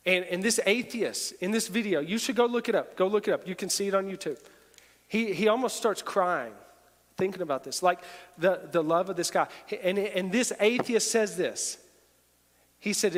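A man preaching a sermon, earnest and building to forceful emphasis. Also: high-pitched, normal speed. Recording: long hall reverb.

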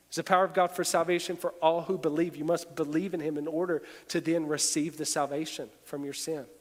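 A man preaching a sermon, earnest and building to forceful emphasis. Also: on the high side. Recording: long hall reverb.

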